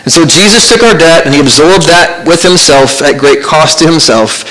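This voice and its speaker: A man preaching a sermon as pastor, earnest and conversational, with pauses and restarts. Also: on the high side, lively intonation, a bit bright, poor audio.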